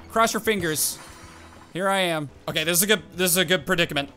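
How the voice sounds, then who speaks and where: A young man commenting on his own gameplay, animated and quick to exclaim and laugh. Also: high-pitched, soft background music. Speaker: gaming YouTuber.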